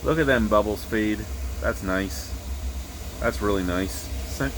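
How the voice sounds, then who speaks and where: A man's voice: lowish voice, unhurried, a bit bright, slight background noise. A man reviewing beer on camera in a casual, crude and joking way, recorded indoors at home.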